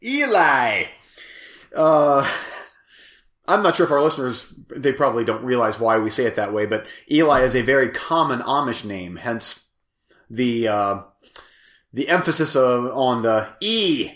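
A man's voice: medium pitch, lively intonation, normal speed, a bit bright, echoey room. A man co-hosting a podcast, chatting casually and reviewing a movie, rambling and often breaking off mid-sentence. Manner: rambling, self-interrupting, laughs easily. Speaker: podcast co-host.

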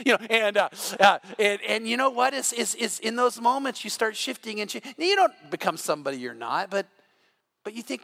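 An older man preaching an evening sermon as pastor, telling animated stories and often restarting his sentences. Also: high voice, a little fast, creaky. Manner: animated storytelling with repeated restarts.

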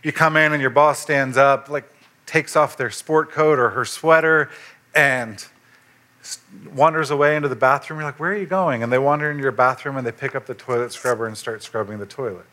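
A man, a pastor, preaching a sermon in a conversational way and rising in pitch when he stresses a point. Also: brisk. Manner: conversational preaching, animated rises for emphasis.

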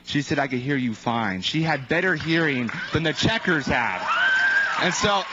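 Rambling male storyteller, slightly high voice, lo-fi. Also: animated, normal speed, very noisy. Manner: rambling storyteller with many fillers and acted-out quotes. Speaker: evangelist sharing a testimony. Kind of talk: casual spoken testimony. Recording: dull lo-fi recording.

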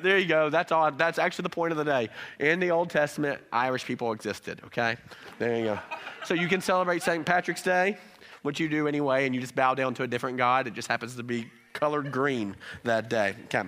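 Bright-voiced joking male preacher. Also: mid-range voice, a little fast. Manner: joking, conversational, keeps asking "right?". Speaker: pastor. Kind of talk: sermon. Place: church in Rome, Georgia.

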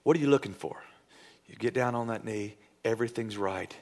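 A man preaching a sermon in church as pastor, animated and playful, acting out little scenes. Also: on the low side, a little fast.

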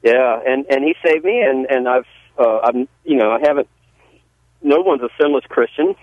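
A man's voice: mid-range voice, normal speed, no echo. A Southern-accented pastor tells his story in an earnest, folksy way, stopping and restarting as he goes. His voice comes through a thin, phone-like line. The sound is close and dry. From Southern US (Georgia). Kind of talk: testimony in a radio interview.

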